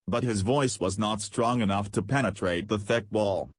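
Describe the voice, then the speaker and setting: Male narrator for a kids' audiobook: low, husky, measured, dry close sound. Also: no room sound. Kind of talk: scripted narration.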